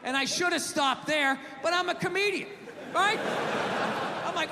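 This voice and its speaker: A man's voice: very high-pitched, normal speed, pauses often, shouting. A male stand-up comedian ranting profanely and with exasperation through a live routine. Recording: live hall with crowd noise.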